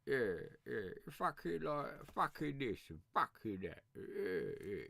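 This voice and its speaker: A man's voice: medium pitch, very animated, unhurried, creaky, pushed and bright, dry recording. A young man chatting casually on a live stream, rambling and swearing freely as he talks to viewers. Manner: rambling, swears freely, chuckles between thoughts. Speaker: music review streamer.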